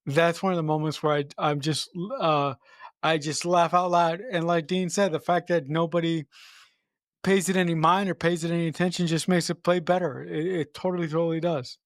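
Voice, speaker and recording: A man's voice: on the high side, steady tone, normal speed, no room sound, clean studio sound. A man co-hosting a podcast, casually discussing a film he loves, enthusiastic and swearing for emphasis. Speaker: podcast co-host.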